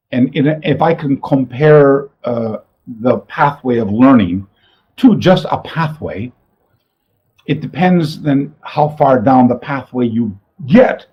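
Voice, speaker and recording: A man speaks in a middle-pitched voice, thoughtful and rambling as he explains ideas and often restarts his sentences. The recording sounds slightly dull and lo-fi. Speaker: martial arts teacher. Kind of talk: reflective talk to camera. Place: his own training space, indoors.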